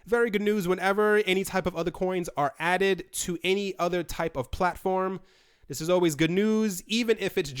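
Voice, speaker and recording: A man's voice: a little high, smooth. A man hosting a crypto news video, talking casually and rambling with many fillers and restarts. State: running out of breath. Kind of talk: casual solo commentary.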